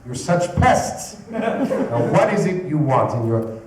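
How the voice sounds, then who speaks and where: A man's voice: medium pitch, animated, moderate pace, natural voice. A man voicing a pompous, irritable aging film director, haughty and scornful, heard through a distant mic in an echoey room with noise. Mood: exasperated.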